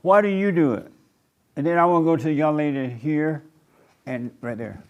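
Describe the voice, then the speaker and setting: A man's voice: on the high side, moderate pace, smooth, dull audio. A man leading a church discussion, blunt and teasing as he challenges the people in the room. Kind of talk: blunt preaching in group talk.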